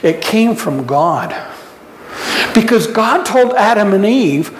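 A pastor preaching a sermon in a church, unhurried, putting questions to the congregation and adding light humor. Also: medium pitch, animated. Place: church sanctuary. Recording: echoey church hall reverb.

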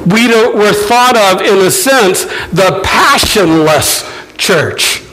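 A man preaching a sermon, animated and acting out quoted lines in shifting voices. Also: sits high, slow pace, low-quality recording. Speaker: pastor.

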